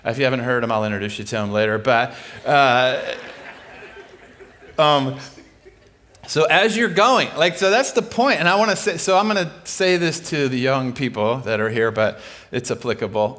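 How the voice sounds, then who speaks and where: A man's voice: mid-range voice, fairly bright tone. Middle-aged guy preaching, casual and joking, storytelling, lots of restarts. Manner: informal, humorous, storytelling, frequent restarts. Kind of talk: conversational sermon.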